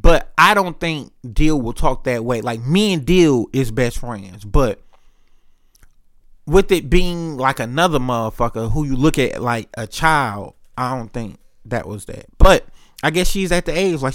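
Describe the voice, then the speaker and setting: A man's voice: medium pitch, expressive, measured pace, a bit bright, no room sound, studio quality. A man in his thirties hosting a podcast, telling a rambling, profane story in casual chat and acting out the voices of the people he quotes. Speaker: podcast host.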